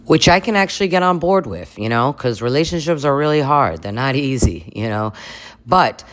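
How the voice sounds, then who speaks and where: A woman riffs through comedic reaction commentary in a strikingly deep, low voice. She is chatty and crude, laughing at her own jokes. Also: expressive, moderate pace. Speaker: commentary vlogger.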